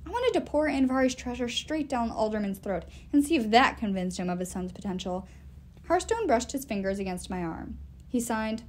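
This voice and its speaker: A woman reading a novel aloud in an expressive, animated storytelling way. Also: on the high side, a little fast, a little hiss or hum. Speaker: reader.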